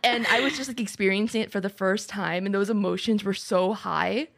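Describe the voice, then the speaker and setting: A young woman co-hosting a podcast, relaxed and reflective in casual chat. Her voice sits at an ordinary pitch, and she agrees readily with her partner. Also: a little fast, creaky. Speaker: podcast co-host.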